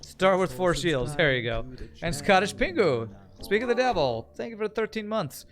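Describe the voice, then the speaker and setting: A man's voice: sits high, sing-song, normal speed, fairly bright tone. A man streaming a strategy game, chatting casually, joking and thanking viewers as he plays. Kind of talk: casual live-stream commentary.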